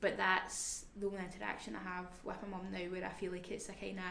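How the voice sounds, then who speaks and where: A woman speaks in a candid interview, reflective and halting, sometimes dropping almost to a whisper. Her pitch stays level and fairly flat. The room around her is echoey, with a faint hiss beneath. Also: creaky. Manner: reflective and halting, often drifting to a near-whisper. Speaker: family carer.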